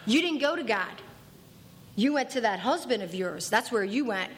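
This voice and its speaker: A woman's voice: fairly high pitch, expressive, normal speed, natural voice. A woman voicing a stern male recovery mentor who scolds bluntly and repeats himself. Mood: scolding.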